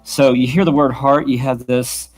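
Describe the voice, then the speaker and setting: With fairly even intonation, a mid-range voice and normal speed, a worship music instructor patiently teaches a church worship team to sing. He keeps checking that the group is following, and his own guitar can be heard in the background.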